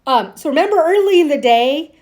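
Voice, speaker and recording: A woman's voice: high-pitched, a little fast. A middle-aged woman talking casually in an opinion vlog, emphatic and indignant, often acting out lines. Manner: indignant, emphatic, animated reenactments. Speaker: TV commentary vlogger.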